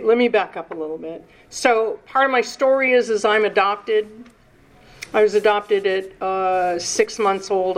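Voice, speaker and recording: A woman in her sixties speaks slowly and haltingly as she shares her recovery story. She is nervous and emotional, restarts her sentences and swears now and then. A faint hiss sits under her voice. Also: medium pitch.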